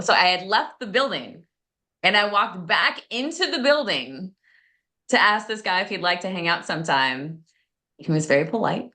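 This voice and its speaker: A woman's voice: lowish voice, expressive, moderate pace, sharp tone. A woman, a guest transformation coach, chatting casually on a podcast, telling stories with frequent laughs and acting out quoted lines.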